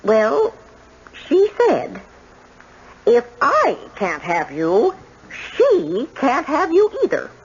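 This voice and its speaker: A woman's voice: a little high, huge pitch swings, drawn-out words, pauses often, slight background noise, exaggerated voice. An actress playing a nervous young woman witness who stammers and hesitates through her testimony in a 1970s radio drama. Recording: dull old radio broadcast.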